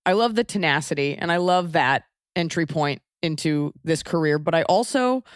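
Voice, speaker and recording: A woman's voice: deep voice, lively intonation, moderate pace, clean tone, no room sound, studio quality. A woman hosting a casual interview podcast, reacting with effusive exclamations. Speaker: podcast host.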